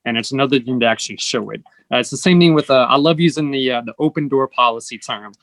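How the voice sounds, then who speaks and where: An earnest male host explains his points steadily in a mid-range voice. His speech is plain and deliberate, with scattered "um" and "uh". The sound is dry and close. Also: mid-range voice, fairly bright tone, dry recording. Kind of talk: casual conversation.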